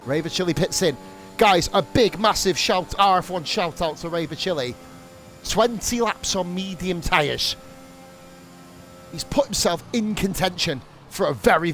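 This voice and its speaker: Excitable high-voiced man commentating races. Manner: excitable, rambling, swears freely and goes off on rants. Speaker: league streamer and race commentator. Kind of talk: live sim-racing commentary.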